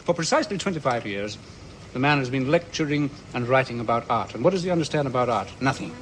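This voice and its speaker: A man's voice: medium pitch, lively intonation, fast talker, a little hiss or hum, lightly acted. An actor in a radio drama playing a bitter, sardonic middle-aged man who mocks and rants. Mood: scornful. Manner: mocking, ranting, sarcastic.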